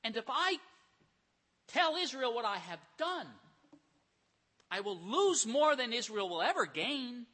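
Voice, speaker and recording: A man's voice: very high voice, very animated, unhurried, pauses often, pushed and bright, pitched above the performer's own voice, exaggerated voice. A man acting out a proud, self-justifying king in a sermon, boasting about being chosen. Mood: boastful. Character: proud scheming biblical king, adult man.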